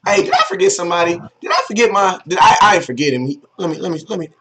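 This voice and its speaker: A man's voice: high-pitched, animated, very fast, heavy background noise. A man hosting a live sports talk stream, chatting casually in slang and greeting viewers one by one by name.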